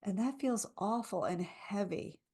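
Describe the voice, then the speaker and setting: A woman's voice: medium pitch, lively intonation, unhurried, dark tone, slightly rough. A woman coaching a live tapping session, speaking soothing lines for listeners to repeat. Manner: soothing, leads repeat-after-me affirmations.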